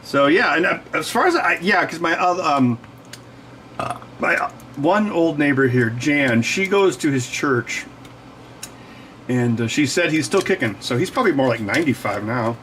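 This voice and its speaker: A man's voice: fairly high pitch, lively intonation, normal speed, fairly bright tone, a little hiss or hum, low-quality recording. Rambling man chatting while he works. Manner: digressive, self-correcting, laughs often. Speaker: livestream host. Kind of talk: rambling casual chat while working.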